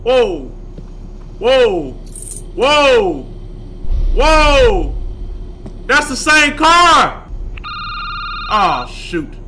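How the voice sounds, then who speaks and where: A young man playing a horror game on a desk mic, jumpy and yelling in slang. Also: very high-pitched, sing-song, very slow, long pauses, a little hiss or hum. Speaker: gaming YouTuber. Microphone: desk microphone.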